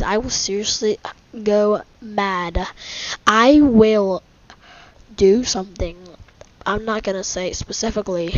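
A woman hosting a casual gameplay video at home, reacting excitably and bickering in exasperation with a friend who keeps teasing her. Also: mid-range voice, measured pace. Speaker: gaming video host. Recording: dull lo-fi mic.

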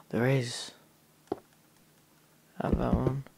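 A man's voice: mid-range voice, steady tone, drawn-out words, vocal fry, background noise. Chatty man narrating his gameplay. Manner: rambling, talks to viewers while playing. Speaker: gaming channel host. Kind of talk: casual gameplay commentary.

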